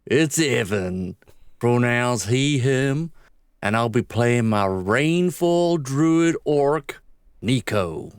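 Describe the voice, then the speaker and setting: A man speaks very slowly in a low-key, wry way as a tabletop player. His voice is close and dry, with no room sound. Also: expressive, clear, resonant tone, no room sound. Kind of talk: casual chat.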